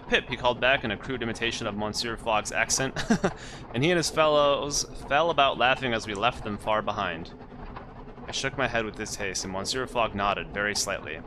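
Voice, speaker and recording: A man hosting a let's play who reads the game's story text aloud and breaks off into chatty, puzzled asides. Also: lowish voice. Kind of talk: casual gameplay commentary, reading game text aloud. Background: loud game music.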